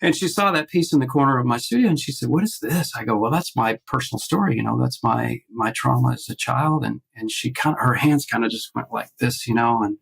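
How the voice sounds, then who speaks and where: A man's voice: mid-range voice, brisk, creaky, few pauses, husky, low-quality recording. A man guest on a video call, telling a personal story in casual conversation and acting out the voices in it. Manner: animated storyteller acting out quotes, many restarts. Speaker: podcast guest, artist.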